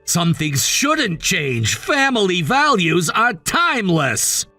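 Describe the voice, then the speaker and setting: A man's voice: high voice, big pitch swings, takes it slowly, pushed and bright, no echo, faint music behind, heavily acted. A synthetic man's voice reading a cold, demanding husband with curt, dismissive lines. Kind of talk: text-to-speech story reading.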